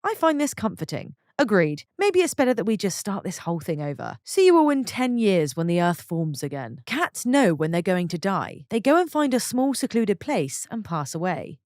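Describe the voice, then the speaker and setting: A woman's voice: medium pitch, sing-song, moderate pace, hardly any pauses, darkish tone, no echo, studio quality. A woman narrating a string of short posts from an online forum, reading them one after another. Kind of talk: scripted story narration.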